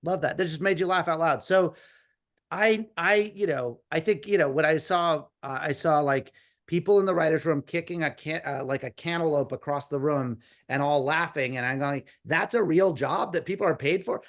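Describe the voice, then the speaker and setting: A man in his fifties, a comedy writer guest, telling animated, rambling stories with lots of restarts and quoted asides. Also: fairly high pitch, moderate pace. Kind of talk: casual storytelling interview.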